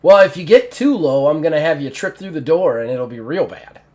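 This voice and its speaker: Animated male game master narrating. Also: a little high, fairly quick. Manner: animated, loose descriptive narration.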